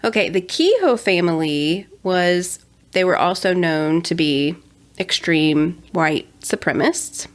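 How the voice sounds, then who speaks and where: A woman's voice: fairly low pitch, lively intonation, slow. A young adult woman co-hosting a casual true-crime podcast, chatty with sarcastic asides. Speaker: podcast co-host.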